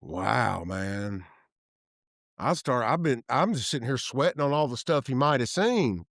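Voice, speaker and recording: A man's voice: medium pitch, measured pace, no room sound, clean studio sound. A man in his fifties from Tennessee, a guest in an interview, telling candid stories and acting out the people he quotes, often trailing off and restarting. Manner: animated storyteller who acts out quoted dialogue, trails off and restarts. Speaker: guest, real estate developer. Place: office room.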